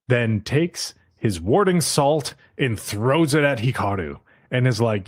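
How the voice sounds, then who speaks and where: Recapping an anime episode in casual fashion, this podcast co-host speaks at a moderate pace with a mid-range voice and lively intonation, briefly imitating the characters as he retells scenes. The podcast-mic recording is dry, with clean studio sound.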